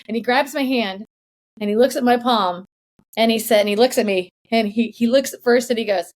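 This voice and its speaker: A woman hosting a podcast, telling a story in a chatty, animated way and laughing as she goes. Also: a little high, brisk. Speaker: podcast host. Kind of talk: casual storytelling.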